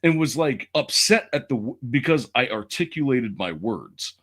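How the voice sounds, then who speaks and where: A man's voice: medium pitch, animated, moderate pace, fairly bright tone. A man in his forties, a podcast co-host, telling a long personal story in casual, rambling fashion. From Southern United States.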